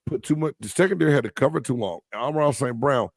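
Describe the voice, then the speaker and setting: A male podcast co-host who defends his football team with emphatic, argumentative energy. His voice sits in a middle pitch range. The sound is dry and close to the mic. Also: fast, creaky, no echo. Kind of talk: casual sports debate.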